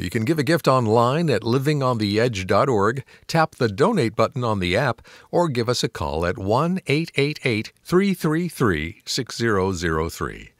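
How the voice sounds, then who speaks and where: A man announcing a radio program, reading promotional copy in a smooth, upbeat way. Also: mid-range voice, no echo, clean studio sound. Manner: smooth, promotional, lively delivery.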